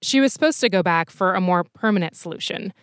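A woman hosting a podcast, telling a true story in scripted documentary narration with a measured storytelling manner. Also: fairly low pitch, expressive, smooth, no echo, studio quality.

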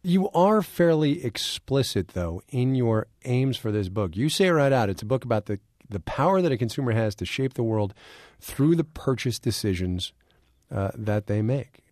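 A man's voice: medium pitch, lively intonation, normal speed, darkish tone, dry recording. Radio host man, dry studio voice. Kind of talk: radio interview.

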